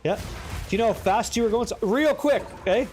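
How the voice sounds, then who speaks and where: A man streaming a game live, excitable and profane as he banters with his chat. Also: very high voice, brisk, soft background music. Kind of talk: live gameplay commentary chatting with viewers.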